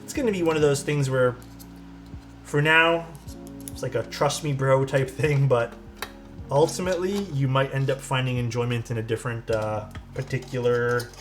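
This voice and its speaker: A man in a casual livestream, talking through his work in an easy, mid-pitched voice as he answers viewers. He thinks out loud and keeps drifting away from the mic. Faint music plays behind him. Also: normal speed. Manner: relaxed, thinks aloud, answers chat; drifts off-mic while searching for parts. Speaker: streamer building a keyboard.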